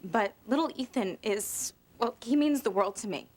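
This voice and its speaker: An actress playing a desperate young mother who talks earnestly in halting bursts. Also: a little high, animated, darkish tone.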